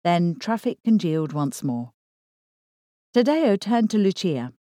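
A woman reading a novel aloud in measured, even scripted narration. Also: lowish voice, dry recording, studio quality. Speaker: audiobook narrator.

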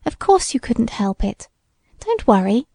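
Woman doing a gentle, serious older sister. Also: a little high, big pitch swings, unhurried, gravelly, dry recording, studio quality, full character voice. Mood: consoling. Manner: quiet, gentle, dignified. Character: sedate seventeen-year-old girl, gentle and serious. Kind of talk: audiobook character voice.

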